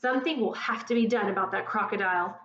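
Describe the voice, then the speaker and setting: A woman's voice: mid-range voice, fast talker, a bit bright, close to an everyday voice. A woman voicing a fussy, outraged male store manager who speaks in clipped, indignant commands, heard in an echoey, dull recording. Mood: stern.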